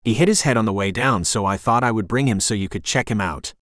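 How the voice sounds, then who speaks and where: A man's voice: fairly low pitch, quick pace, a bit bright, dry recording, clean studio sound, close to an everyday voice. A man voicing a plain-spoken young guide.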